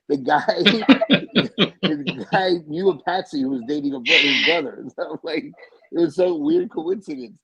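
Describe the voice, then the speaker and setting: A man with a husky, slightly breathy voice, a touch high, chats as a comedian guest on a podcast. He tells stories with laughs mixed in and keeps a loose, easygoing tone. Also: a bit bright. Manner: apologetic, laughs while telling stories. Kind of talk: casual podcast chat.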